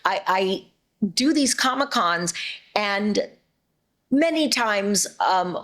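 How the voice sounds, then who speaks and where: A middle-aged woman voice actress chatting as an interview guest, warm and rambling with frequent restarts. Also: medium pitch. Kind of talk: casual interview chat.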